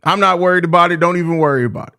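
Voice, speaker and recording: A man's voice: sits high, very fast, sharp tone, smooth. A young man with a Chicago accent hosting a live postgame show, ranting heatedly and cursing. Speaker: podcast host.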